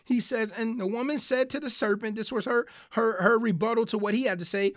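An earnest podcast host teaching scripture who reads old-style verses aloud and then explains them with rising excitement, often calling listeners "guys". The voice sits in a middle pitch. It is recorded dry, with no room echo. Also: fairly quick. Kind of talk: Bible study podcast talk.

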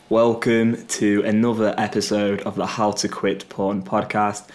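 A man's voice: on the low side, little pitch movement, measured pace, few pauses, music in the background. A man hosting a solo podcast, talking in an earnest, encouraging way, with some repeated words. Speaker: podcast host. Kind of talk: solo motivational podcast talk.

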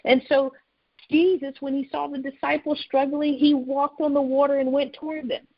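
A woman's voice: high-pitched, level tone, normal speed, no room sound. A woman preaching an earnest sermon, repeating her phrases and often restarting mid-sentence. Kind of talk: sermon-style teaching. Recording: dull, lo-fi sound.

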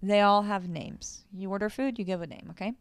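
Smooth-voiced woman, brash casual chat. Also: mid-range voice, brisk, no echo. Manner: brash, swears freely, explains step by step. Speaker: podcast co-host.

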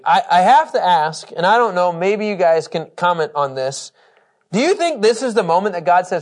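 A man teaching a Bible study, reading scripture with emphasis and talking in an animated, conversational way, laughing often. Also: high-pitched, moderate pace. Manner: reads scripture aloud with emphasis.

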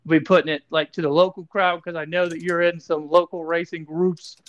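A man's voice: fairly high pitch, level tone, a little fast, highs cut off. A man co-hosting a casual podcast about racing, teasing his partner with hype-man energy. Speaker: podcast co-host.

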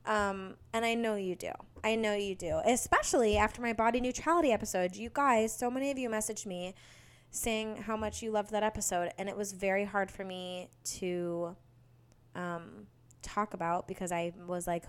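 A woman's voice: mid-range voice, steady tone, normal speed, smooth. A young woman in her twenties hosting her own podcast, chatting casually and gushing, full of "like" and "um". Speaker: podcast host. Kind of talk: casual solo podcast chat.

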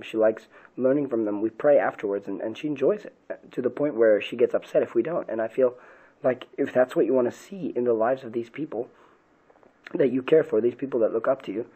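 A man's voice: mid-range voice, brisk, mellow, husky, rough recording. A man, a pastor, giving an earnest podcast talk on parenting and faith, often asking rhetorical questions.

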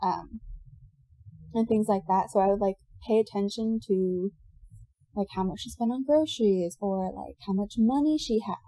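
A woman telling a personal story in casual chat, animated and laughing often, acting out what people said. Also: medium pitch, normal speed, no echo.

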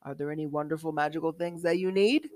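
A man voicing a cheerful male dwarf salesman with a friendly, polite sales pitch in a family tabletop game. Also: steady tone, fast talker, a little mellow, dry recording, studio quality, close to an everyday voice.

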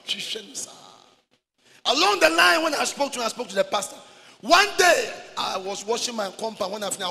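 A man preaching a sermon as pastor, mixing Twi and English and shouting for emphasis. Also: sits high. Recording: echoey hall with faint noise.

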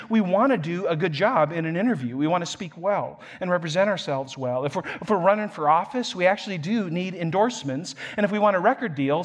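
A pastor preaching a sermon, telling a self-deprecating story with frequent chuckles and repeated words. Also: male voice, high voice.

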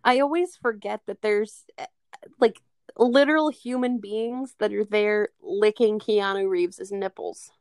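A woman co-hosting a podcast in casual chat, animated and swearing freely, often acting out scenes. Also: medium pitch, measured pace, clear, resonant tone, no echo, clean studio sound. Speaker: podcast co-host.

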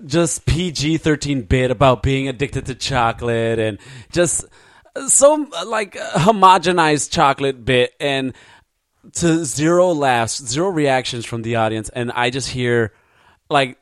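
A man's voice: mid-range voice, measured pace, no echo, clean studio sound. A man who is a stand-up comic, telling crude stories in a casual podcast chat, often breaking into laughter. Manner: crude, laughing, animated storytelling.

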